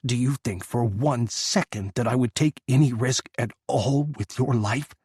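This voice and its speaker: A man's voice: medium pitch, unhurried, a little mellow, husky, no echo, clean studio sound. A man voicing a tense, protective Secret Service agent who speaks curt and clipped.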